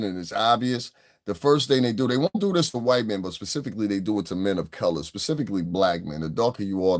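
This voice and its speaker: A middle-aged man giving casual, profane reaction commentary in a mocking, animated way. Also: fairly low pitch. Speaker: commentary vlogger.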